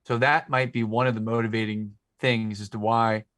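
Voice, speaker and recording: A man's voice: lowish voice, level tone, normal speed, a bit bright, dry recording, studio quality. A man in his forties, a podcast guest talking casually into a podcast microphone, rambling and emotional as he tells stories. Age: 40s. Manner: talkative, emotional, rambling storyteller. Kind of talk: casual conversation.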